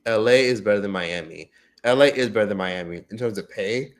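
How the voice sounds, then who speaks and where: A fairly quick-talking livestream host reads his viewers' comments in a casual stream. He swears a lot and gets excitable, alternating loud eruptions with muttered asides.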